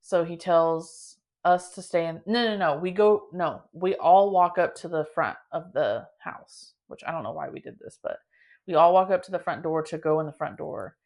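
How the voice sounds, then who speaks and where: A young woman with a low voice hosts a podcast and tells a story. She is casual and dramatic, and she fills her speech with "like.". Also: normal speed. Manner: dramatic, animated telling with many filler "like"s. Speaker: podcast host.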